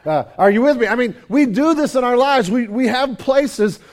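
A man's voice: extremely high pitch, lively intonation, normal speed. A man preaching a sermon at a church service, talking conversationally, asking the congregation questions and acting out his own complaints to God. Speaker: pastor.

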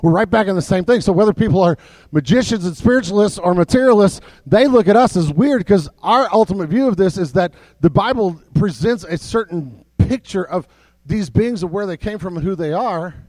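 High-voiced man preaching conversationally. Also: animated, brisk, darkish tone, no echo. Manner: conversational preaching with many fillers and restarts. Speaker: pastor. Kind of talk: sermon.

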